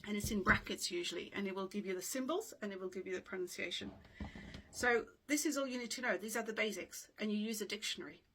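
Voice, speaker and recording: A woman's voice: mid-range voice, fast, sharp tone, a little hiss or hum. A woman teaching dictionary pronunciation in a casual video lesson, explaining patiently and checking in with "okay?" as she goes, recorded without a microphone. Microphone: no microphone, voice drifts from the camera. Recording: room sound, voice sometimes far from the mic.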